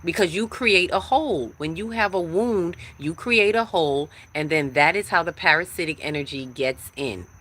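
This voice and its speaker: A woman's voice: fairly low pitch, moderate pace, hardly any pauses, fairly bright tone. A woman giving a live-streamed spiritual talk, emphatic and repetitive, speaking straight to her viewers. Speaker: livestream spiritual teacher.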